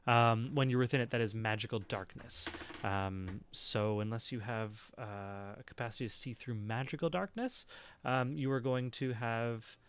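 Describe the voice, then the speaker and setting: A man's voice: medium pitch, normal speed, fairly bright tone, clear, resonant tone. A man running a tabletop game as game master, chatty and upbeat with many fillers.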